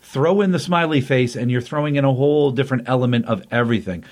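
A man's voice: mid-range voice, fast talker, darkish tone. A man hosting a casual podcast, retelling a comic book plot with rambling enthusiasm and lots of fillers. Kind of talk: casual chat recapping a comic.

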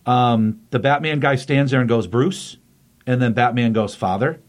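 A man's voice: medium pitch, steady tone, normal speed. A man hosting a casual podcast, retelling a comic book plot with rambling enthusiasm and lots of fillers. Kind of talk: casual chat recapping a comic.

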